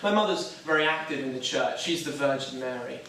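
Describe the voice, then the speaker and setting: A man's voice: medium pitch, a little fast, sharp tone, slight background noise. An actor playing a nervous, self-doubting young Catholic man, talking in a hesitant, wry, self-deprecating way in a stage drama. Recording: echoey room, mic far off.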